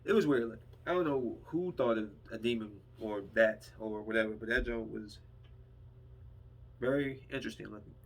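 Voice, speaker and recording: A man's voice: lowish voice, normal speed, vocal fry. A man reviewing a movie on his podcast, retelling the plot in a loose, rambling way and acting out the characters' lines.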